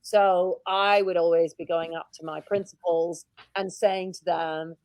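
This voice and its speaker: Woman, British accent, head teacher guest, outspoken, lively storytelling, dry close sound. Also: on the low side, measured pace, hardly any pauses, dry recording. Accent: British English. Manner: outspoken, animated storytelling with laughs. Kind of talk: casual interview conversation.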